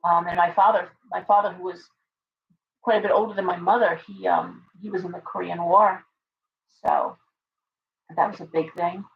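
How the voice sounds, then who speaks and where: A woman's voice: on the low side, fairly even intonation, normal speed, vocal fry, pauses often. Woman hosting her own live stream: chatty, earnest, rambling, full of restarts. Recording a bit dull with faint background hiss. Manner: rambling, reading viewer comments aloud; earnest, with many fillers and restarts. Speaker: livestream host and tarot reader. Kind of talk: casual live-stream chat.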